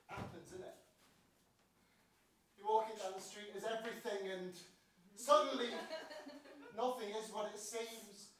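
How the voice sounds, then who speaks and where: A man doing a high, hapless sad sack. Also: lightly acted. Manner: fretful and melodramatic. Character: down-on-his-luck man, anxious and hapless. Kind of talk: live stage sketch. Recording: echoey theatre from far off.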